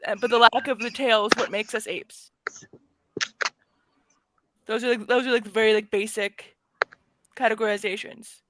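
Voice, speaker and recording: A woman co-hosting a casual podcast, calmly explaining science step by step. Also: on the high side, moderate pace, pauses often. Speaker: co-host.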